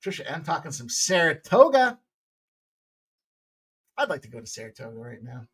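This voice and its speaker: A man hosting a sports betting picks show, talking casually in a loose, jokey way with bursts of loud excitement. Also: a little high, moderate pace, pauses often, breathy edge.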